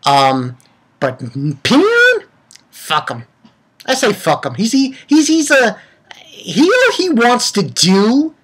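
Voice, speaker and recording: A young man rambles through an anime recap with a bright, animated voice that leaps up and down in pitch. He curses often and trips over his own sentences as he goes. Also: slow, slightly rough. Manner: rambling, profane, many restarts. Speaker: anime reviewer. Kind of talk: casual episode recap.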